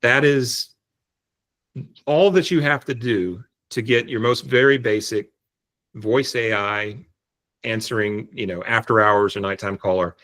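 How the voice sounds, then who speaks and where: A man explaining step by step how to set up an AI voice agent, speaking on a video call in a relaxed, explanatory way. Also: fairly low pitch, measured pace. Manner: relaxed, explanatory, frequent restarts. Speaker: tutorial presenter. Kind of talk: screen-share software tutorial.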